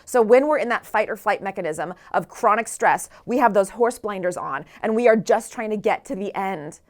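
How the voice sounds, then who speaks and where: A woman's voice: medium pitch, animated, normal speed. A woman author giving an earnest motivational talk, asking the listeners rhetorical questions. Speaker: author and speaker.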